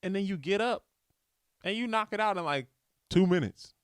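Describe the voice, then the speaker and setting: A man's voice: sits high, expressive, moderate pace, clear, resonant tone, no echo, studio quality. A young man hosting a casual motivational podcast alone, talking in a laid-back, slangy way into a microphone. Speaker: podcast host. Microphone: studio microphone.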